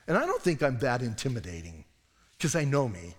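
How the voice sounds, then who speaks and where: A male pastor delivers a sermon in an animated, self-deprecating way, telling stories and slipping into hushed asides. His voice sits at an ordinary middle pitch. The sound carries a long reverb, as in a church hall. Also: brisk. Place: church sanctuary.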